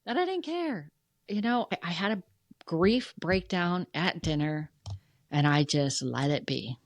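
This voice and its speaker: Low-voiced middle-aged woman telling a personal story. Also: unhurried, no echo. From United States. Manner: emotional, animated, acts out quoted dialogue. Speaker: podcast guest, funeral museum president. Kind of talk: candid conversational storytelling.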